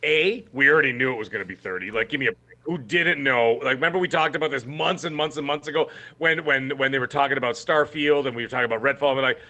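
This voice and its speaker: A man co-hosts a gaming podcast in casual chat, talking fast with few pauses in a medium-pitched, sharp voice. His delivery is emphatic and rambling, full of restarts.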